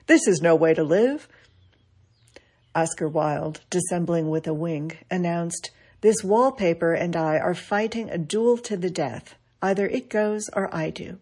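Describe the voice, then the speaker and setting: A middle-aged woman reading a reflective essay aloud in a wry, measured way. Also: lowish voice, darkish tone, slightly rough. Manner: wry, measured, quoting others with dry emphasis. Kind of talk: scripted reflective narration.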